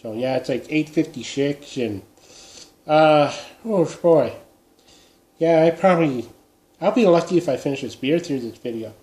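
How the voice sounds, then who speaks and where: A man's voice: fairly high pitch, normal speed, a little mellow, natural voice. A man playing a middle-aged Minnesotan who rambles while drinking beer, speaking with a Minnesota accent. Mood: rambling. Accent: Upper Midwest (Minnesota). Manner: rambling, meandering, trails off. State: tipsy from beer. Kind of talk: comedy character vlog. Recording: echoey room.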